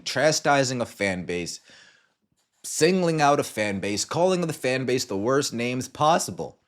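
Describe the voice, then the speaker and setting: A man hosting a podcast, giving scornful, sarcastic sports commentary and mocking what others said. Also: mid-range voice. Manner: sarcastic and scornful, mocking quotes in put-on voices. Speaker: podcast host.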